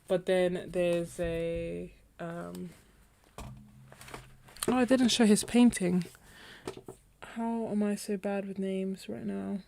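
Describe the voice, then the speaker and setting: This artist runs a painting livestream from her indoor home studio, talking loosely with viewers and frequently drifting off while trying to recall names. She speaks slowly with fairly even intonation and many pauses, in a creaky, dark, medium-pitched voice, with a little hiss or hum in the audio.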